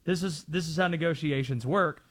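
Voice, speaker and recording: A man's voice: a little high, moderate pace. A man hosting a sports talk show, arguing his opinions assertively and taking callers. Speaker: sports radio host.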